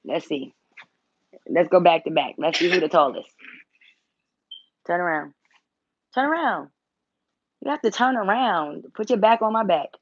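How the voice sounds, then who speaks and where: A woman with a lowish voice chats on a livestream from home, blunt and playful, cursing freely. The sound is dry and a little dull, as if from a modest lo-fi mic close to her. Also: moderate pace, no room sound. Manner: blunt, teasing, swears freely. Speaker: tarot reader and channel host. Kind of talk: casual livestream chat.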